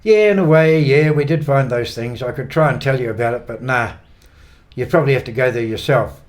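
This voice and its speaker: A man's voice: mid-range voice, steady tone, brisk, natural voice. A man voicing a laid-back, weathered New Zealand trekker who talks in an offhand, blokey way, with a New Zealand accent. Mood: relaxed.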